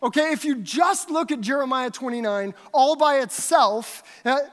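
Woman Bible teacher, high voice, lively and chatty, long hall reverb. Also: normal speed. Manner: animated, chatty storytelling.

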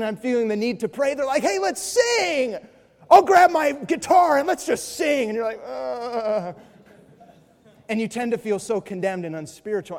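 A male pastor preaching a sermon, animated and swinging between loud mimicry and hushed earnest passages. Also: high-pitched. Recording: long reverb of a large hall.

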